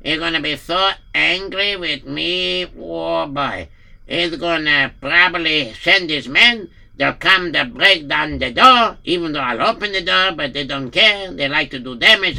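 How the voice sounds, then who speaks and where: A man's voice: a little high, vocal fry, pushed and bright, heavily acted. A man voicing a nervous village innkeeper with a Yiddish accent, stammering and fretting in an amateur radio play. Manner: anxious, frets aloud with many stammered fillers. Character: worried male village innkeeper, nervous and fretful.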